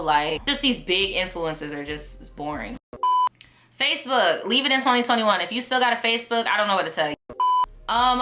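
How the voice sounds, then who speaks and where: A woman's voice: medium pitch, pushed and bright. A young woman from New York, a vlogger ranting casually to camera, blunt, sassy and full of profanity. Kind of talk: casual opinion rant to camera.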